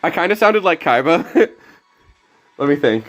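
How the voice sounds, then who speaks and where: Laid-back young man with a lively voice. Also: fairly high pitch, a little slow. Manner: laid-back, mumbling, jokey. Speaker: streamer. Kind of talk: casual gameplay commentary. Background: faint music.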